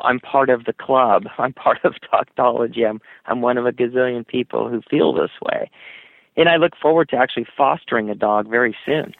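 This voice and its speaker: A man being interviewed as an author, telling stories with frequent laughs and lively shifts in tone. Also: vocal fry, no room sound. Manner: animated storyteller, laughs often, puts on high doggy voices. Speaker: author guest. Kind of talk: interview over the phone. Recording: tinny phone line.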